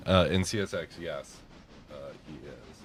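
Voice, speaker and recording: A man's voice: extremely low pitch, measured pace, slight background noise. A man chatting casually during a game, teasing his co-player in a dry way. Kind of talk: casual gameplay chat.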